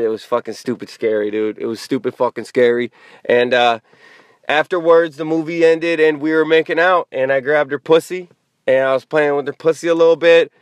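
A man's voice: a little high, dry recording, clean studio sound. A man telling a rambling dating story in a blunt, profane, casual way, full of fillers. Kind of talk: crude casual storytelling monologue.

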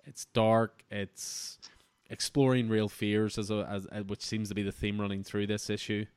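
A man's voice: on the low side, flat delivery, normal speed, a little mellow, clean tone, dry recording. A man hosting a comic book podcast, talking through an issue in an enthusiastic, rambling way with frequent restarts. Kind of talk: casual review chat.

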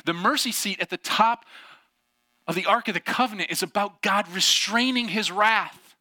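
A man's voice: high-pitched, normal speed, pushed and bright. A man preaching a sermon with a personal story, emphatic and asking rhetorical questions. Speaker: pastor.

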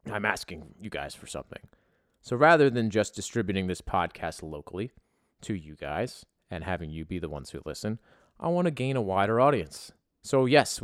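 A man's voice: fairly low pitch, no room sound, clean studio sound. A man hosting his own podcast from his basement, talking alone in a joking, profane, rambling way. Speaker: podcast host. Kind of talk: casual solo podcast monologue. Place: home basement.

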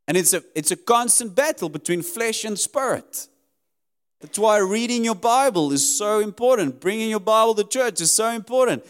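A man preaching a sermon in an earnest, emphatic way, his voice rising high and dropping low as he drives his points home. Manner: earnest, emphatic preaching that rises and drops sharply. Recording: long hall reverb.

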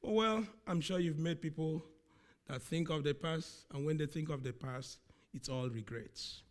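A man preaching a sermon, speaking slowly and with emphasis, often repeating key words. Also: on the high side.

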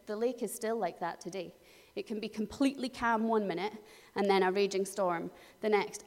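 A woman preaching a sermon, telling the story in a lively way and acting out voices. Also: fairly high pitch, big-room sound.

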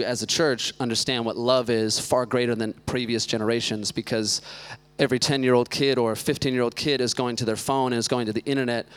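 A man's voice: mid-range voice, clean tone. A man in his thirties giving a casual, chatty sermon with lots of joking asides, speaking as a church youth pastor. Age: 30s.

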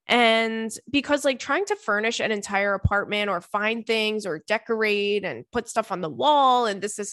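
A woman's voice: on the high side, fairly bright tone, dry recording, clean studio sound. Candid, chatty woman podcast host. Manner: candid, swears freely, chatty with fillers. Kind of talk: casual advice podcast.

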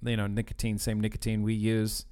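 A man's voice: fairly low pitch, monotone, a little fast, dark tone, clean tone. A man co-hosting a podcast in casual chat, rambling with lots of fillers and restarts. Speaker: podcast co-host.

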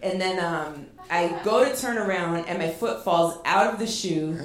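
Female comedy host, low-ish voice, lively self-mocking storyteller, echoey venue mic. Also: a little slow. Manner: animated, self-mocking, many "like" fillers.

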